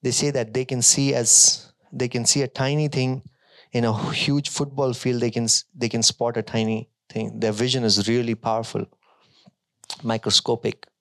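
A male pastor preaching a sermon, emphatic, moving between strong declarations and quieter storytelling. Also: medium pitch, flat delivery, normal speed.

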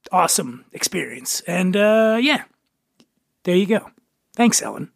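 A man's voice: sits high, sing-song, a little slow, vocal fry, long pauses, no room sound. Male podcast host, casual joking chat, close dry studio mic. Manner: chatty, self-deprecating, gets choked up. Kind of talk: casual interview chat and read ad.

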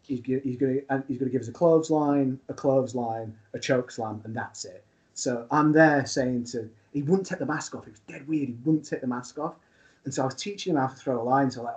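A man, a wrestler guest, telling a long funny story in a casual, animated way with laughs. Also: mid-range voice, quick pace.

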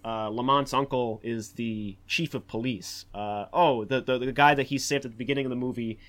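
A man leads a relaxed film discussion in an ordinary, mid-range voice. He rambles through fillers and restarts, then turns animated. His delivery is loose and conversational. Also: medium pitch, normal speed. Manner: animated, acts out quotes in a raised voice. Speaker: podcast host.

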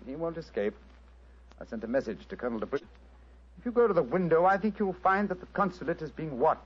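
A man's voice: a little high, animated, fast, husky. An actor playing a precise, coolly accusing male detective in a 1940s radio drama. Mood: calm. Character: cool, cutting male detective. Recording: dull lo-fi old radio recording.

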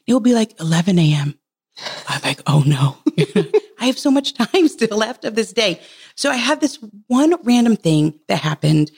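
A woman in her thirties with a darkish tone appears as a podcast guest, sharing a heartfelt personal story in casual conversation. She's earnest, laughs a lot, and her pitch jumps up whenever she quotes herself.

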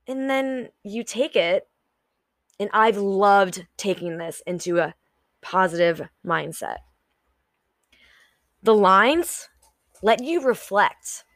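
Young woman, solo podcast host, unhurried and candid, swears casually, dry close mic. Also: mid-range voice, expressive, fairly bright tone, no echo. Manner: candid, swears freely, acts out her own inner voice. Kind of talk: solo motivational podcast talk.

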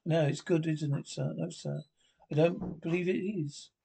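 A man's voice: a little high, steady tone, a little slow, creaky, dark tone, breathy edge, exaggerated voice. A man playing a prim, servile male android servant in a sitcom, fussy and formal, calling everyone sir. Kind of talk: sitcom acting.

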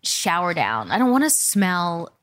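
A woman's voice: fairly low pitch, big pitch swings, a bit bright. Teasing blunt woman podcast co-host. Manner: teasing, blunt, quick questions. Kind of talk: casual chat.

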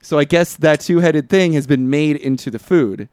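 A man co-hosting a podcast, retelling a film's plot in a rambling, profane, animated way. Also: a little high, normal speed, smooth, no room sound, clean studio sound. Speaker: podcast co-host. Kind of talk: casual movie recap chat.

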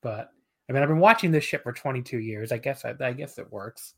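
A man's voice: medium pitch, a little fast, gravelly, slightly rough. Rambling, easygoing man on a podcast. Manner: relaxed, rambling, self-deprecating, many fillers. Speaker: podcast guest. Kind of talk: casual podcast chat.

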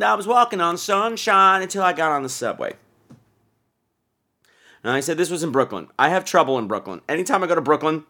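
A man hosting a podcast, telling a comic personal story in an animated, indignant way. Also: a little high. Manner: animated, indignant retelling with voiced asides. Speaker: podcast host.

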